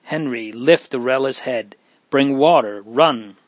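A frantic young girl choked with grief, as a male storyteller puts her on, pleading and breaking as she speaks. The voice sits a little higher than a man's usual talk, in a dry, close recording with no room sound. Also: slow pace, dry recording. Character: frantic grieving young girl, sobbing sister.

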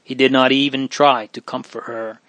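A man reading a story aloud in a slow, measured, hushed and solemn manner. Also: medium pitch, flat delivery, no echo. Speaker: narrator. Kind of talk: audiobook reading.

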